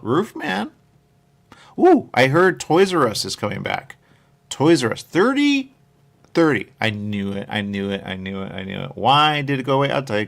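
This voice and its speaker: A man's voice: on the low side, vocal fry, a bit bright. A man hosting a live radio show, rambling casually, reading viewer comments and repeating himself often. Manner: rambling, repeats "there you go", reads chat comments aloud.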